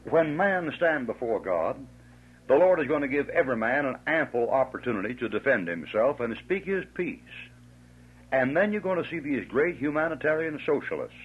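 A man's voice: mid-range voice, slightly rough. A man preaching a fiery sermon, emphatic and scornful, stretching out his stressed words. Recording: tinny lo-fi old tape.

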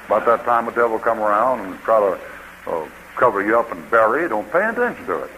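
A man's voice: lowish voice, big pitch swings, fast talker, sharp tone, a little hiss or hum, low-quality recording. A man preaching a sermon in a folksy, joking way, acting out what people say.

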